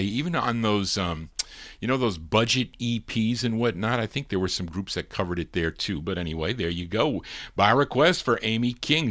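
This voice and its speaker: A man's voice: on the low side, a bit bright, no room sound, clean studio sound. Rambling man hosting a live radio show. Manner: rambling, self-correcting, many fillers. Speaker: radio show host and record collector. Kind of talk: casual live radio chat.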